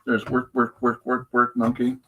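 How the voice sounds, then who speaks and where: This stream host draws comics as he rambles and jokes, wandering off topic and frequently starting over. Yet his medium-pitched voice is completely flat at a normal pace, and the audio has its highs cut off amid a noisy background.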